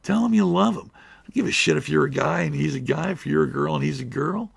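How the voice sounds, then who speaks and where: A fast-talking middle-aged YouTuber with a fairly high, creaky, husky voice speaks to camera from the heart. He is earnest and emotional, rambling and restarting along the way.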